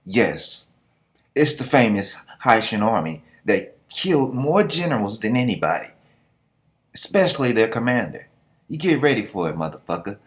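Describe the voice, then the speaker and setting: A man casually reviewing a comic chapter, talking in an animated, joking, slangy way. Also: low voice. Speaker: manga reviewer. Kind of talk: casual reaction commentary.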